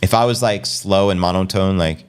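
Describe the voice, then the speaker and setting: A middle-aged American man hosting a casual crypto livestream, energetic and slangy, reading and answering viewer comments. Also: low voice, clean tone. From United States. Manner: energetic, fast-paced, slangy.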